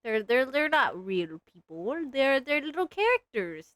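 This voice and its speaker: A woman's voice: sits high, big pitch swings, unhurried, a bit bright, no echo. A young woman streamer chatting casually with her viewers while she draws, giggly and self-mocking. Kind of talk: casual live-stream chat while drawing.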